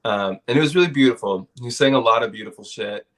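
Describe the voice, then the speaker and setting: A man's voice: mid-range voice, fast, a bit bright. A man in casual podcast conversation, telling stories in a laid-back, profane way with frequent laughs.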